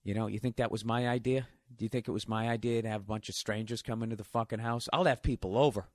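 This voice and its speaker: A man's voice: fairly low pitch, fairly even intonation, fast talker, dry recording, clean studio sound. A man in his forties doing stand-up comedy, telling a story in a profane, ranting way. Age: 40s. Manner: profane, ranting, mimics others in bits.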